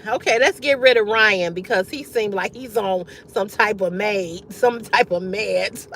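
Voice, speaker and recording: A woman hosting a casual livestream, chatting with viewers, reading their comments aloud and often bursting into loud laughter. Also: mid-range voice, measured pace, a little hiss or hum. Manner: animated, reads comments aloud and reacts. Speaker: livestream host.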